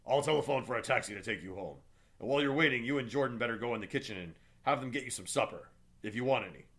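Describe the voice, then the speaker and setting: A man reading aloud plays a gruff, commanding wealthy man who speaks forcefully. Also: mid-range voice, quick pace, lightly acted. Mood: grave.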